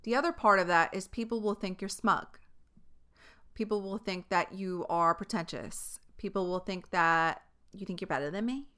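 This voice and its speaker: A woman's voice: mid-range voice, normal speed, sharp tone, smooth. A young woman from New York with a New York accent, hosting a podcast in a frank, chatty monologue full of fillers and the odd swear word. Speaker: podcast host. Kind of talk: casual solo podcast monologue.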